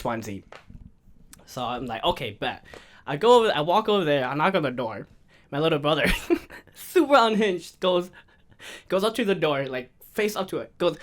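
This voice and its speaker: A young man telling a funny family story on a casual podcast, laughing often and acting out the quoted voices. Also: on the high side. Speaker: podcast co-host.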